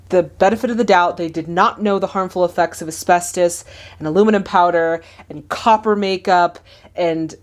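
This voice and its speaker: A young woman hosting a movie reaction video, chatting casually with lots of fillers. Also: mid-range voice. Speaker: host of a movie reaction channel.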